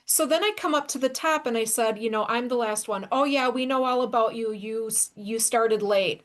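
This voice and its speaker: A woman podcast host telling a self-deprecating story about her first trail race in a lively, conversational way. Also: on the high side, normal speed. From Wisconsin, USA. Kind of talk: casual storytelling.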